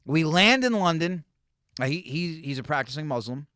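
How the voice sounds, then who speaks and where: A man from New City, a comedian telling animated, profane stories as a podcast guest. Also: fairly high pitch, normal speed, dry recording, studio quality. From New York City. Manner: animated, profane, full of "like" and "right?". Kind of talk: casual storytelling on a podcast.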